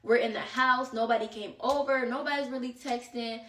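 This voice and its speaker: A young woman vlogger telling a casual storytime, animated and slangy, acting out text messages as she goes. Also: a little high, moderate pace, far from the mic, slight background noise. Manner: animated, slangy, quoting texts in voices. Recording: roomy, from off the mic.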